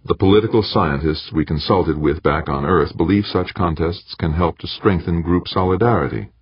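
A man's voice: sits low, normal speed, slightly rough, dry recording. A man voicing a scheming male official who speaks in a polite, soothing, ingratiating way. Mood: persuasive. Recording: dull, muffled audiobook recording.

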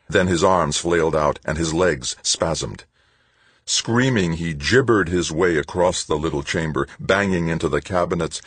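A man reading an audiobook in steady, measured scripted narration. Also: extremely low pitch, breathy edge, no echo.

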